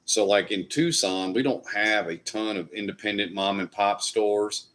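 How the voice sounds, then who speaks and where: A man's voice: fairly low pitch, normal speed, fairly bright tone. A man hosting a casual live stream, chatting loosely with viewers and swearing now and then. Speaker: livestream host. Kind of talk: casual live chat reading comments.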